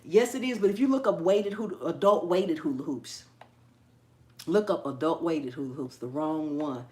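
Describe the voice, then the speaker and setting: A woman hosting a casual live stream, hyper and animated, often laughing and mimicking people. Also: sits low, moderate pace. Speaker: gardening channel host.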